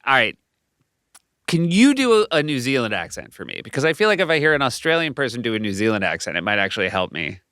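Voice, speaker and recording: A man co-hosts a podcast with a playful, teasing manner. His voice is bright and smooth, with lively swings in pitch. The recording is close and dry. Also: dry recording. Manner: playful, joking, quick to laugh. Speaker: podcast co-host. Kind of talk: casual podcast chat.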